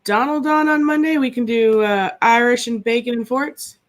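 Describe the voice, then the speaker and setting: A woman's voice: fairly high pitch, steady tone, normal speed. Chatty woman co-hosting a tasting. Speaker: co-host. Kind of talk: casual whiskey tasting chat.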